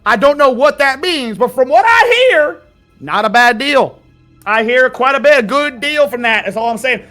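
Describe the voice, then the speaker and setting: Guy doing a high bright boozy skeleton guide, folksy drawl, rambles n chuckles, tabletop game. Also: lively intonation, moderate pace, faint music behind, heavily acted. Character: jovial, tipsy undead skeleton guide, male. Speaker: game master.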